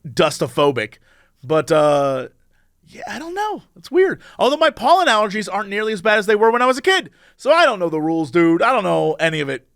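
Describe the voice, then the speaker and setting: Lively high-voiced man telling stories. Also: a little fast, dry recording, clean studio sound. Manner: animated, laughing storyteller. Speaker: podcast co-host. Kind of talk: casual chat, storytelling.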